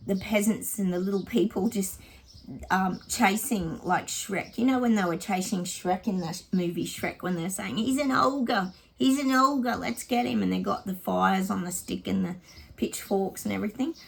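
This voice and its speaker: This Australian woman talks with a slightly husky, breathy voice that sits at an ordinary middle pitch for a woman. She is a psychic chatting to her viewers in a relaxed, rambling vlog reading, casually addressing them as guys. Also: moderate pace.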